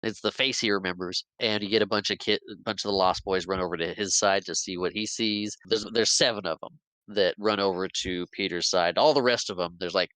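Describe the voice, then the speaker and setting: A man with a lowish, smooth and resonant voice is recapping a film for his podcast. He tells it casually and lively, slipping into the characters' lines and laughing along. The sound is dry and close, with no room around it. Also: brisk, few pauses, dry recording, rough recording. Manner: animated retelling, acting out characters' lines with laughs. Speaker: podcast host. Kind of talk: casual movie recap chat.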